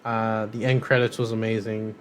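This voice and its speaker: A man's voice: on the low side, little pitch movement, normal speed, a little hiss or hum. Man, podcast co-host, casual chat, rambling, fillers. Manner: rambling, many ums and uhs.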